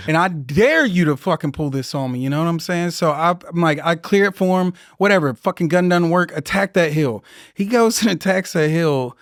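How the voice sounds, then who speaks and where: A man's voice: high voice, brisk, clean tone, no room sound, clean studio sound. A young man, a veteran guest on a podcast, telling rambling, profanity-laced stories in casual conversation. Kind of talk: casual storytelling interview.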